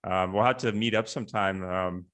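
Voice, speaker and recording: Laid-back young man hosting over video call. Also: deep voice. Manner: relaxed, halting with many fillers. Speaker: podcast host.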